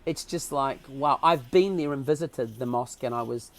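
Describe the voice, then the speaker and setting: A man with a New Zealand accent speaks as a podcast guest. He tells his stories in a loose, conversational way with a lot of feeling, and his voice sits at an ordinary middle pitch. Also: normal speed. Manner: emotional, animated storyteller. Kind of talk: casual interview storytelling.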